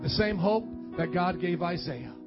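A man preaching a sermon and reading scripture aloud, dramatic, swinging from loud calls to quiet low reading. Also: expressive, unhurried. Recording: dull lo-fi sound with faint music.

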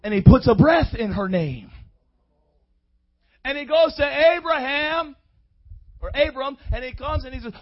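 High-voiced fervent preacher man, lo-fi. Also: animated, a little slow, pauses often. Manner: fervent, rhythmic, call-and-response. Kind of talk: sermon.

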